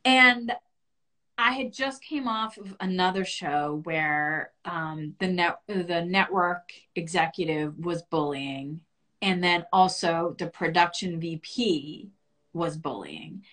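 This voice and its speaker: A woman earnestly and reflectively telling a personal story as a guest in a conversation. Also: sharp tone. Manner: earnest and reflective, rising high and fast when reliving panic.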